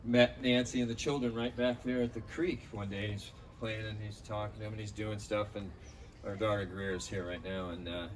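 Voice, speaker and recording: A man's voice: lowish voice, little pitch movement, normal speed. A man giving a rambling, anecdotal memorial tribute outdoors, full of fillers. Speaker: speaker at a memorial. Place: outdoors in a park. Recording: distant mic outdoors, faint background noise.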